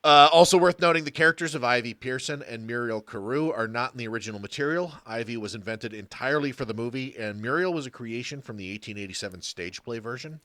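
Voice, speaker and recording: A man's voice: medium pitch, quick pace, hardly any pauses, bright, forceful tone, no room sound. A man co-hosting a podcast, talking casually and bluntly about an old film and swearing freely. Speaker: podcast co-host.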